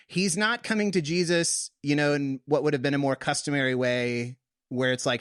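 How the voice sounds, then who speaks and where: A man co-hosting a casual Bible discussion podcast, animated and quick to laugh, sometimes slipping into comic voices. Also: a little high, no echo, clean studio sound. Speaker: podcast co-host.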